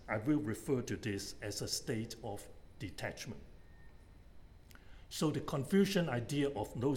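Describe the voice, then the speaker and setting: A man's voice: medium pitch, a little mellow. A man giving an academic lecture on philosophy, methodically setting out numbered points. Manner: measured, methodical, enumerating points.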